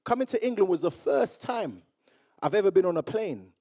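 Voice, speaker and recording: A young man from Jamaica giving a motivational speech to a live audience, telling his story in a lively way and acting out old conversations. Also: high-pitched, moderate pace. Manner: animated storyteller who acts out remembered dialogue. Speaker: public speaker. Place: awards event room with audience.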